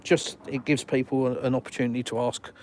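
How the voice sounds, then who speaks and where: A man's voice: mid-range voice, level tone, fast talker, a little mellow, slight background noise. An Englishman live-streaming from his phone while walking around outdoors, reading viewer comments in a blunt, outspoken way and swearing casually. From England.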